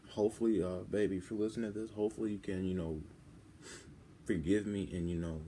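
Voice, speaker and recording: A teenage boy talking in a personal vlog, halting and rambling, full of restarts, and close to tears. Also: lowish voice, fairly even intonation, warm tone, slight background noise. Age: teens. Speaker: vlogger.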